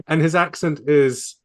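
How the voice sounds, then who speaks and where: Speaking slowly in a slightly high voice, a New Zealand-accented man runs a laid-back podcast reviewing films. He laughs a lot and drops wry asides laced with swearing.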